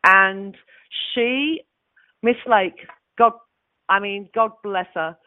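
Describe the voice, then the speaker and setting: A woman in her sixties with a London Cockney accent, telling animated stories with laughs as a guest actress. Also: medium pitch, slow, dry recording. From London, England. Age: 60s. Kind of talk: casual anecdote. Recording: tinny phone-like audio.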